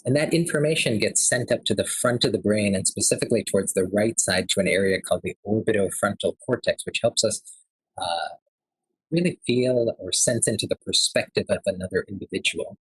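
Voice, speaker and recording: A man's voice: lowish voice, a little fast, breathy edge, no echo, poor audio. A man in his thirties giving an earnest, conversational lecture at a health forum, telling a personal story with frequent fillers.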